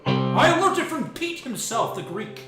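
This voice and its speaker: A man's voice: very high voice, big pitch swings, a little slow, heavy reverb, music in the background, rough recording. A man hosting a live stream, rambling through a loose, joking monologue and laughing at his own jokes.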